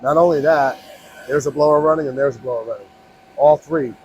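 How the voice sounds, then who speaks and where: A man who owns an inflatables business gives an energetic, repetitive sales pitch at a trade show booth with blowers running nearby. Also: a little fast, highs cut off, slight background noise. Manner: pushy, energetic salesman, repeats himself. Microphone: mic on, recorded on a phone.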